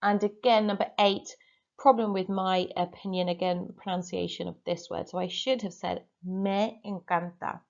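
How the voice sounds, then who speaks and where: A woman Spanish teacher giving a recorded lesson, reading dictation sentences slowly and carefully, then going through corrections. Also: fairly low pitch, level tone, gravelly, highs cut off. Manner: slow, carefully spelled-out dictation.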